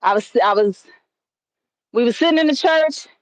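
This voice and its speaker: A woman's voice: on the high side, expressive, normal speed, dry recording. A woman telling stories on a livestream, rambling and conversational with many fillers and restarts, talking into her phone. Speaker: livestream host. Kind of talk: casual storytelling on a livestream. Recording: dull lo-fi stream audio.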